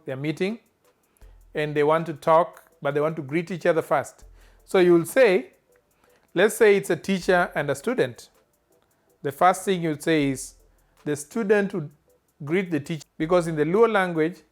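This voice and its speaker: A man teaching a language lesson, saying each phrase slowly and repeating it clearly. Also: fairly high pitch. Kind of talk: slow spoken language lesson.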